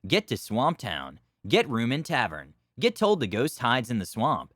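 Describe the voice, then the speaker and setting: A man narrates a tabletop game story with a wry, deadpan touch. His pitch moves in wide, lively swings. The sound is dry and close. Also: a little slow, no room sound.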